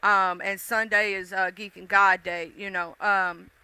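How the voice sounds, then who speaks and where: Bright, chatty woman livestreaming. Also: medium pitch, flat delivery, measured pace, clear, resonant tone, no room sound. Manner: chatty, playful, full of fillers and laughs. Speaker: livestream host. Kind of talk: casual chat with viewers.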